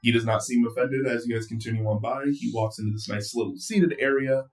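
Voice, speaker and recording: A man narrating a tabletop game as game master in a relaxed, chatty way. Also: mid-range voice, fast talker, recorded from a distance, faint music behind.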